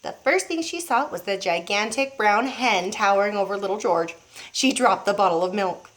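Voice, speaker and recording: A teacher reading a children's book aloud to young pupils, pausing to show the pictures. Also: female voice, medium pitch. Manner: expressive, showing pictures as she reads.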